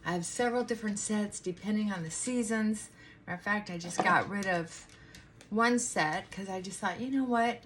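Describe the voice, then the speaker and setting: A woman's voice: medium pitch, normal speed, a little hiss or hum. A middle-aged woman chatting casually to her viewers in her bedroom, rambling with asides to her dog. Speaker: vlogger. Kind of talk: casual morning chat.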